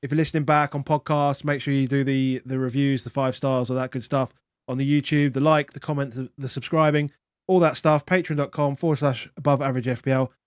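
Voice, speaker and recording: A man's voice: medium pitch, fairly even intonation, brisk, clean tone, no echo, clean studio sound. A man co-hosting a casual sports podcast, chatty and rambling, laughing easily and restarting his sentences. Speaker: podcast co-host. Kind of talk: casual chat.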